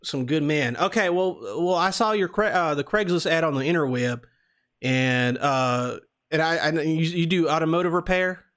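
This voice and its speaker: A man's voice: on the high side, normal speed, fairly bright tone, natural voice. A man putting on a Southern accent as a rambling, folksy family man in an improvised prank call. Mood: chatty, rambling. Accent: put-on American Southern. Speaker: prank caller.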